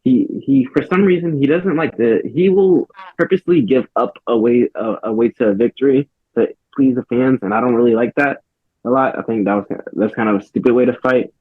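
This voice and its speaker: A man co-hosting a casual fight podcast, giving his picks plainly and quickly over a tinny phone-like line. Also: medium pitch, breathy edge, no echo. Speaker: podcast co-host. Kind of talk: casual chat.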